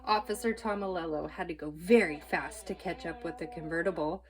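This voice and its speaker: A woman storyteller reading a children's book aloud in a clear, expressive way. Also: lowish voice, brisk.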